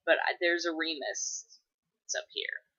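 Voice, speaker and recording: A woman's voice: low voice, measured pace, bright, forceful tone, lo-fi sound. A woman in her thirties chatting casually to camera, swearing freely and wandering off on tangents. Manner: profane, rambling, tangent-prone. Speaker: mother answering viewer questions. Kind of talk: casual vlog chat.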